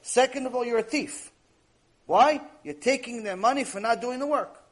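A man teaching a lecture and telling a story, animated and repeating key phrases for emphasis. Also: extremely high pitch, moderate pace. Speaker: Torah teacher.

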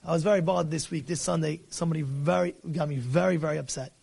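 A man's voice: on the high side, quick pace, gravelly, husky. A man, a rabbi, preaching a fiery sermon, scolding with rhetorical questions and scattering Hebrew and Yiddish religious terms through his English. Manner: animated and scolding, with rhetorical questions and acted-out dialogue.

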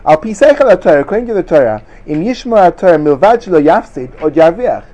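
A man giving a lively Torah class to students, sarcastic and quick to laugh at his own points. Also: high-pitched, lo-fi sound. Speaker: Torah teacher.

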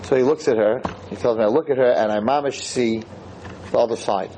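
A man giving a Torah lecture to listeners, telling a story with animated emphasis and repeated phrases. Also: medium pitch, fairly quick, a little hiss or hum, low-quality recording.

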